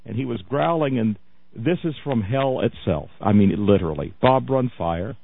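A man's voice: medium pitch, lively intonation, moderate pace, gravelly, background noise. A man hosting a radio talk show, chatty and mocking, often laughing as he tells a story. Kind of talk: casual radio commentary. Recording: tinny phone-like radio audio.

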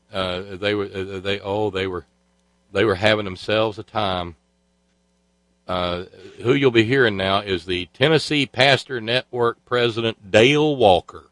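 A man's voice: lowish voice, a bit bright, no room sound. A male host in casual chat, sarcastic and mocking, often stammering.

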